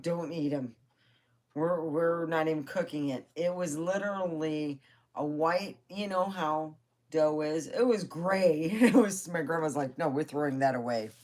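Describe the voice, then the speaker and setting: A woman's voice: very deep voice, darkish tone. A woman telling rambling family stories in a casual vlog, laughing often and swearing now and then. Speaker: vlogger. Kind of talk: casual storytelling.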